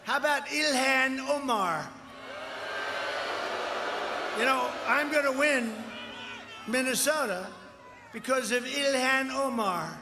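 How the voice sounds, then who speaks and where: Older man shouting a rally speech. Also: very high voice, a little slow, long pauses, a crowd in the background, noisy background. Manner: boastful, rambling, with frequent shouted asides. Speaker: political candidate at a rally. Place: large outdoor rally crowd. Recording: echoey live rally sound with long reverb.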